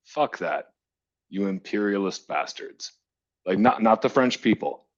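A deep-voiced man co-hosting a live online audio chat, ranting with emphatic conviction and plenty of swearing. The sound comes through a dull, lo-fi connection. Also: animated, normal speed. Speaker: podcast co-host.

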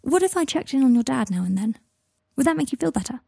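A woman voicing an earnest young man in a storybook reading, gentle and sincere. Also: high-pitched, very animated, fast, creaky, slightly rough, no room sound, studio quality, voice pushed up, exaggerated voice. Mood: kind. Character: young man writing a heartfelt letter.

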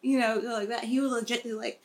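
A young woman co-hosting a podcast, telling a profane, animated story in casual chat. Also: a little high, fast talker. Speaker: podcast co-host.

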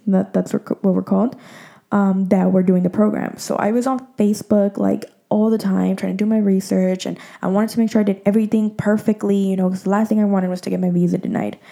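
A woman's voice: mid-range voice, creaky, mellow. A young woman in her twenties chatting candidly to her viewers, full of "like" and "um" fillers. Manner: candid and emotional. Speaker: vlogger. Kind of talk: casual chat to viewers.

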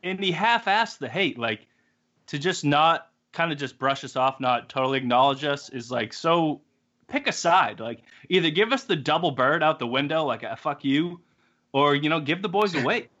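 A man's voice: a little high, expressive, moderate pace, sharp tone. A young man co-hosting a podcast, laid-back and casual, with lots of likes and ums. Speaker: podcast co-host. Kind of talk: casual chat. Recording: dull lo-fi podcast audio.

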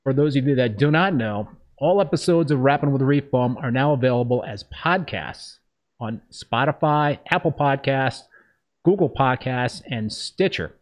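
Speaking in a mid-range voice at a normal pace, a man hosts a live-streamed reef-keeping interview show. He's upbeat, reading a scripted introduction before chatting loosely with his guest.

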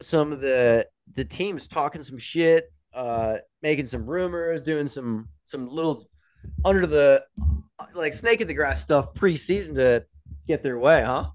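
A young man co-hosting a casual motorsport podcast, animated and quick to swear and laugh. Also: on the high side. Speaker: podcast co-host. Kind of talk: casual chat.

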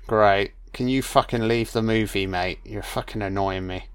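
A man's voice: lowish voice, fairly even intonation, moderate pace, clean tone, no room sound. A man giving casual, irreverent film commentary, sarcastic and swearing constantly. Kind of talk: casual profane movie commentary.

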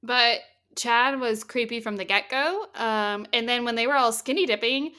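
A woman casually retelling a film's plot as a podcast co-host, lively and swearing freely. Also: fairly high pitch, moderate pace. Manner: animated storytelling, swears freely. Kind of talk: casual chat recapping a film.

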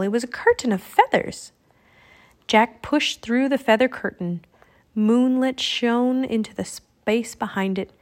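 A woman reading a children's adventure book aloud in a steady storytelling manner. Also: a little high. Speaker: audiobook reader.

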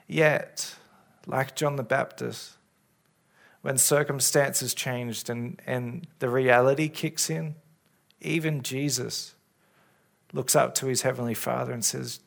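Earnest gravelly-voiced man preaching a sermon. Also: mid-range voice, fairly even intonation, a bit bright. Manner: earnest, pastoral, halting restarts. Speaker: pastor. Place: church service. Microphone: handheld or stage microphone.

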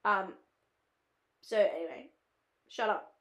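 A woman's voice: medium pitch, slow, a bit bright, reverberant. An Australian woman hosting a casual film-review podcast, rambling with lots of "like" and wandering off on tangents. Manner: rambling, heavy use of "like", drifts into tangents. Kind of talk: casual chat.

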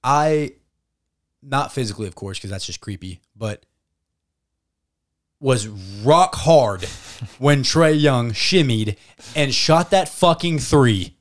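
A man's voice: mid-range voice, takes it slowly, pauses often. A man co-hosting a sports podcast, talking casually, cursing often and joking. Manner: profane, animated, joking. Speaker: podcast co-host.

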